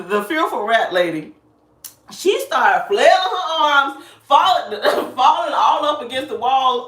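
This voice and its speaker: A woman in her thirties telling a story in a casual vlog, animated and laughing often while she talks. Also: a little high. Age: 30s. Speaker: vlogger. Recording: roomy sound from a distance.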